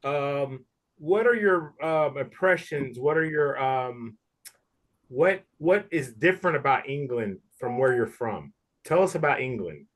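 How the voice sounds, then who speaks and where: A man from the United States asking friendly, halting questions with ums. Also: medium pitch, lively intonation. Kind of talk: casual conversation on a video call.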